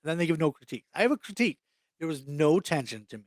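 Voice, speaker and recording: A young adult man co-hosts a podcast in casual, swearing-heavy chat. His voice sits fairly high, and the recording is dry and close. He rants bluntly and keeps going. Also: big pitch swings, rapid-fire, no room sound. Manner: blunt, profane, ranting. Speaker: podcast co-host.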